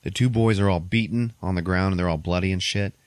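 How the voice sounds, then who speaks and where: Low-voiced man recapping a movie casually. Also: quick pace, dry recording. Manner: profane, animated storytelling. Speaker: podcast host.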